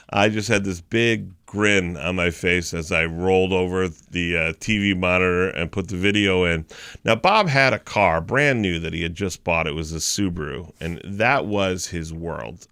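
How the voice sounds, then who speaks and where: A man in his fifties tells a story on a morning radio show, animated and lively, slipping into the voices of the people he describes. His voice sits a little low, and the studio sound is dry and close. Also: creaky, dry recording. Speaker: morning radio host and comedian.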